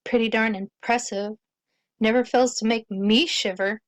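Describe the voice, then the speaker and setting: A man's voice: very high-pitched, steady tone, normal speed, voice pushed up. A man voicing a frightened young woman held at knifepoint in an audiobook, in a raised, tense, pleading voice.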